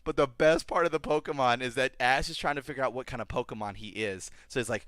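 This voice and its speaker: A man's voice: mid-range voice, brisk, hardly any pauses, a bit bright, no echo. A young man co-hosting a podcast, chatting casually, swearing a lot and acting out scenes in silly voices. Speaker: podcast co-host. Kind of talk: casual chat.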